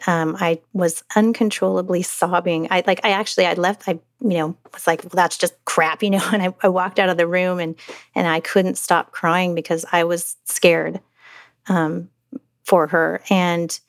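A middle-aged woman recounts a family story in an interview, her voice sitting on the lower side. She speaks haltingly, restarting phrases and filling gaps. The sound is dry and close. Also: steady tone, no echo. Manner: halting, many restarts and fillers. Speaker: mother telling her story. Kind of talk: personal interview account.

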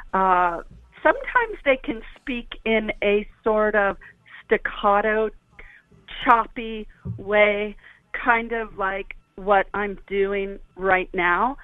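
A woman calling in as a guest, explaining things in a deliberate, unhurried way. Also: mid-range voice, dry recording. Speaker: guest on a call-in show. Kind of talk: explaining on a phone-in. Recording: dry tinny phone line.

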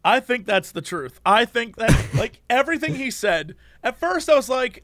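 A man's voice: very high voice, big pitch swings, normal speed, few pauses, fairly bright tone, no echo. A man chatting casually on a podcast, telling stories animatedly and laughing often. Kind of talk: casual chat and storytelling.

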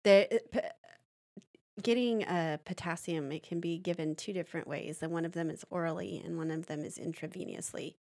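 A woman's voice: fairly low pitch, fairly even intonation, normal speed, darkish tone. A woman in casual conversation who mostly backs up the speaker with short agreements and gives plain explanations. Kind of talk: casual chat.

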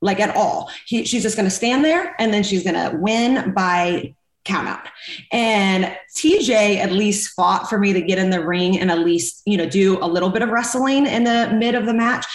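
A woman in her thirties, a former pro wrestler, telling animated stories in a casual interview and acting out what people said. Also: mid-range voice, moderate pace. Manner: animated, acts out quoted people. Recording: roomy echo.

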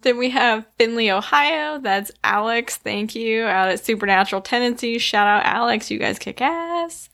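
A woman co-hosting a casual podcast, chatty and quick to laugh as she reads out listener shout-outs. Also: on the high side, vocal fry. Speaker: podcast co-host.

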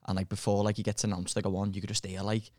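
Man, low voice, laughing storyteller, casual swearing, dry close mic. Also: level tone, fast, darkish tone, dry recording. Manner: laughs while telling stories, swearing, loose. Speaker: comedian, podcast co-host.

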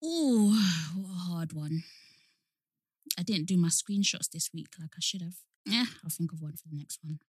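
Lively young woman, laughing easily. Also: normal speed, husky, dry recording, clean studio sound. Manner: laughs easily, playful, drops into a low flat voice. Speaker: podcast co-host. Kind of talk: casual chat.

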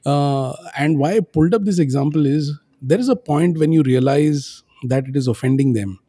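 A man's voice: on the high side, moderate pace, warm tone, breathy edge, dry recording, clean studio sound. A man co-hosting a casual parenting chat, telling stories and rambling with plenty of fillers and restarts. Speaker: podcast co-host, father. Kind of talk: casual conversation.

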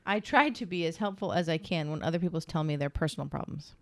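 A woman's voice: low-pitched, fast, no room sound. A middle-aged woman who works as a massage therapist, chatting casually and laughing often as she talks through a questionnaire. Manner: chatty, laughs often, quotes others in lively voices. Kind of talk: casual chat, answering a questionnaire together.

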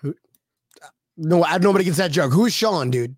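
A man's voice: a little high, lively intonation, moderate pace, no echo, studio quality. A man in his thirties co-hosting a casual show, joking, laughing and swearing freely. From Florida. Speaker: podcast co-host. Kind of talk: casual chat.

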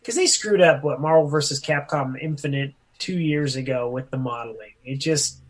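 A man's voice: mid-range voice, normal speed. A man co-hosting a casual podcast, talking about games in a loose, jokey way and now and then slipping into goofy voices. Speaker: podcast co-host. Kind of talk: casual chat.

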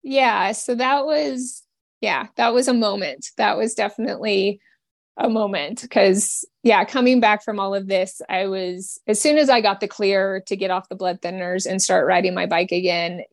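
A young woman, a cyclist, talking as a guest in a casual podcast chat, halting with many fillers and restarts. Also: medium pitch, fairly even intonation, no room sound.

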